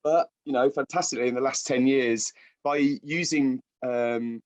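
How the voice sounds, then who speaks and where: A British man with a croaky voice giving a public lecture as guest speaker, hesitant with many fillers and restarts. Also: medium pitch, steady tone, moderate pace. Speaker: guest speaker, science writer.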